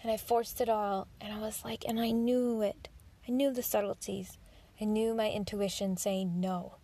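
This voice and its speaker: A woman's voice: mid-range voice, fairly even intonation, moderate pace, warm tone. A woman hosting a podcast, telling a personal story in a candid monologue, swearing freely and acting out her own inner thoughts. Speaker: podcast host.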